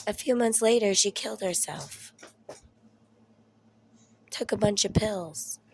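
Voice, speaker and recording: A Southern US woman in her thirties tells stories at home at an unhurried pace. Her chat rambles, she swears freely, and she laughs her way through the stories. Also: medium pitch, gravelly, a little hiss or hum. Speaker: mom vlogger. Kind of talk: casual storytelling chat.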